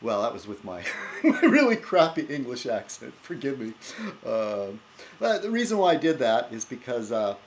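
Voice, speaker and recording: A man's voice: medium pitch, big pitch swings, moderate pace. A man hosting his own casual video blog and rambling in a self-deprecating way with frequent chuckles, recorded on a laptop webcam. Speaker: video blogger host. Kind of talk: casual vlog chat.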